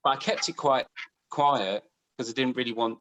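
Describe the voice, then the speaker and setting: A man's voice: medium pitch, normal speed, a bit bright, slight background noise, low-quality recording. A man co-hosting a casual podcast, telling long, rambling anecdotes. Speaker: podcast co-host. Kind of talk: casual chat.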